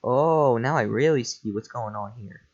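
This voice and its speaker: A man voicing an excitable male talking donkey in a casual script reading, chatty and quick to panic. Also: mid-range voice, lightly acted. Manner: jittery, chatty, yelps in panic. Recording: lo-fi home mic.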